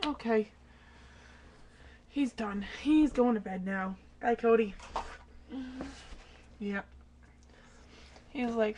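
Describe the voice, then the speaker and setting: A teenage girl chatting to her dog in front of a webcam at home late at night, often dropping to a hushed half-whisper and swearing casually. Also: on the high side, extremely slow, long pauses, slight background noise.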